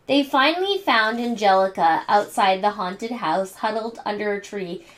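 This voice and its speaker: A woman reading a bedtime story aloud to children in a gentle manner. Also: mid-range voice. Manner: gentle, slow reading to kids. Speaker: storybook reader.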